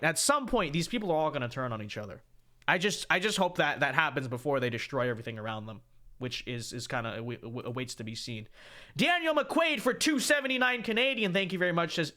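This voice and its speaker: Animated man giving livestream commentary. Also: on the high side. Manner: animated, reads out viewer donations. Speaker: commentator reacting to a debate video.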